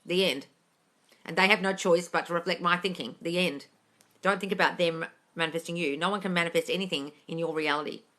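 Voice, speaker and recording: A woman's voice: lowish voice, steady tone, brisk, a bit bright. A woman hosting a live question-and-answer stream as a coach, blunt and emphatic, swearing freely as she answers viewers. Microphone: phone or computer mic for a live stream.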